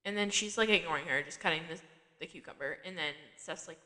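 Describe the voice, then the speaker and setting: A woman's voice: fairly low pitch, fast talker, pushed and bright, big-room sound. A woman hosting a podcast, recapping a TV episode in a chatty, filler-heavy way with frequent asides. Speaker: podcast host. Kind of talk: casual chat recapping a TV episode.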